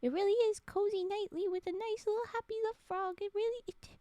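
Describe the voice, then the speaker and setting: A woman chatting on her live stream between stories, rambling and giggly, often slipping into soft whispers. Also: extremely high pitch, steady tone, fast, no echo. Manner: giggly, gushing. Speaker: streamer and story reader. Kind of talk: casual live-stream chat.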